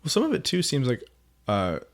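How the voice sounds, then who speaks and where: A man co-hosting a faith podcast, talking in a relaxed, affirming way. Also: medium pitch, fairly quick. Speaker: podcast co-host. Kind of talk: casual faith podcast chat.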